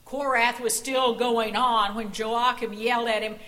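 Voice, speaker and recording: A woman preacher telling a dramatic story in a church sanctuary, often hushing her voice to a near whisper. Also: fairly high pitch, level tone, a little slow, low-quality recording. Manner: dramatic, hushed storytelling with dropping voice. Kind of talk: storytelling sermon.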